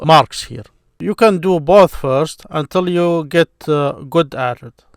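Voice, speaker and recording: A man's voice: a little high, dry recording, studio quality. A man teaching an Arabic grammar lesson, speaking patiently and sounding out syllables again and again. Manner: slow, patient, repeats syllables aloud. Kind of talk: screen-share grammar lesson.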